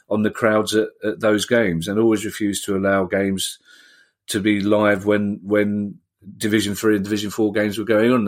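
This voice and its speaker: A man co-hosting a football podcast, chatting casually and jokingly reading out listener questions. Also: lowish voice. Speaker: podcast co-host. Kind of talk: casual chat.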